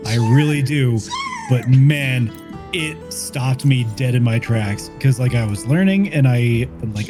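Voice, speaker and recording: A man's voice: mid-range voice, a little slow, over music. A man hosting a game stream, telling long rambling stories in casual chat and swearing freely. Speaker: streamer host.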